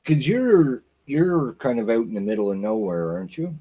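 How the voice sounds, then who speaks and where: A man's voice: mid-range voice, very animated, dark tone, husky. A man hosting a casual interview, asking questions with dry jokes. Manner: slow, joking questions. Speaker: host.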